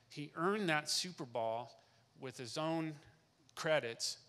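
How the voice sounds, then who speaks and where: A middle-aged man shares an emotional testimony from a church stage, his voice bright and forward. He lingers on repeated phrases. The sound rings with the long reverb of a large hall. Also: medium pitch. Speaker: guest speaker. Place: church sanctuary.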